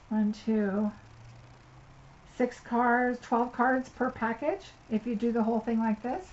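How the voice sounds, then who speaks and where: A woman's voice: fairly high pitch, a little mellow. A woman giving a live card-making tutorial, chatting and thinking aloud as she works at her desk. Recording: slightly dull audio with faint noise.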